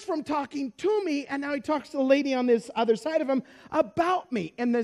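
A man's voice: very high-pitched, moderate pace. A man preaching a sermon, telling a story with acted-out dialogue. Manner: animated storyteller acting out dialogue.

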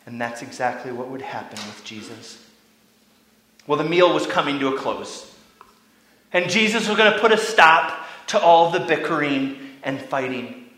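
A young adult man preaching a sermon as a pastor, telling the story with animated, acted-out lines. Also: medium pitch, echoey room, rough recording. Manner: animated storytelling, acting out quoted lines, drops to a whisper.

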